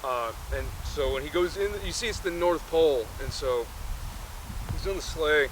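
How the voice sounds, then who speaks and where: A man's voice: on the high side, expressive, moderate pace, noisy background. A man casually retelling a movie, rambling with many fillers and self-corrections.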